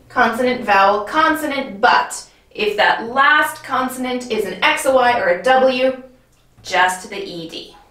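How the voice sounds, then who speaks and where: A woman with a slightly high voice teaches a grammar lesson at an unhurried pace. She talks in a clear, patient way and keeps checking in with the listener. The room sounds echoey, and she is a little off mic. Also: fairly bright tone, far from the mic. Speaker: English teacher.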